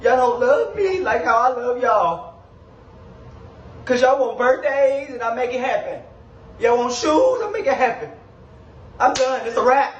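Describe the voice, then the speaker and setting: A man's voice: very high voice, sing-song, unhurried, pauses often, lo-fi sound, heavily acted. A man playing a furious, cursing overworked mom. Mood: exasperated. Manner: yelling, cursing, exasperated. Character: furious overworked mother scolding her kids. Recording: roomy, distant, noisy skit audio.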